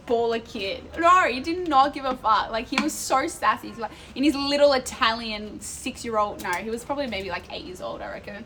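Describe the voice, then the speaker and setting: A young woman from Australia with a clear Australian accent, talking casually to her stream chat. She tells stories in a lively, animated way and swears freely. Her voice sits a little high, with a faint background hum. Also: brisk, few pauses.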